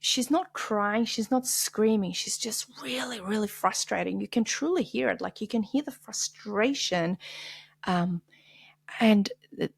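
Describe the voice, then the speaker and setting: Woman host, heartfelt solo podcast talk, raspy fry, mid pitch, dips into whispers. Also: a little slow. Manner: earnest, confessional, dips to soft whispers. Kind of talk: candid solo podcast monologue.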